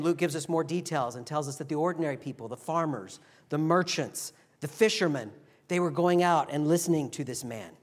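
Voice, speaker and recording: A pastor preaching a sermon, telling the story vividly and acting out the quotes. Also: male voice, a little high, in a large hall.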